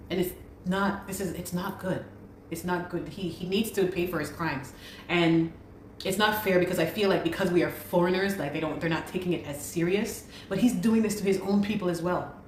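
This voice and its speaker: A woman's voice: lowish voice, a little hiss or hum. A woman telling her story as a guest, speaking urgently and repeating her pleas. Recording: echoey room recording.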